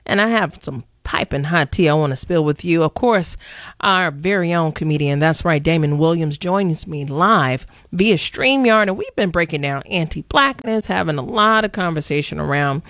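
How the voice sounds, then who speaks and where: A woman's voice: low-pitched, normal speed, no room sound, studio quality. Upbeat woman hosting a radio talk show. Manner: lively, upbeat, uses slang.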